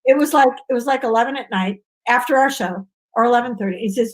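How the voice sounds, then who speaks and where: A woman comedian, appearing as a guest in a casual interview chat, tells stories animatedly and acts out other people's voices. She speaks fast with few pauses, her voice on the high side, in a low-quality recording.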